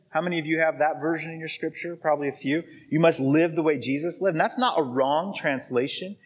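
Husky guy preaching in church, chatty, keeps asking the room okay? right?, long hall echo. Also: a little high, highs cut off. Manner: conversational preaching, frequent "okay?" and "right?" prompts. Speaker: pastor. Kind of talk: sermon. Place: church sanctuary.

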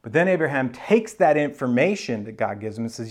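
A male pastor teaches a sermon in a relaxed, conversational way, slipping in slang and asides. His voice sits at an ordinary middle pitch. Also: fairly quick.

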